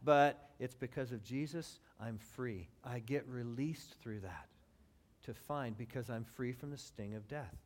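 A man preaching a sermon, swinging between loud emphatic build-ups and low, quiet passages, with wry asides to the congregation. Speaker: pastor.

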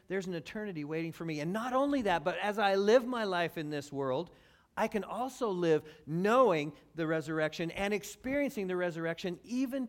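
A pastor delivers a sermon, alternating between loud, emphatic build-ups and low, quiet passages. He tosses wry asides to the congregation along the way.

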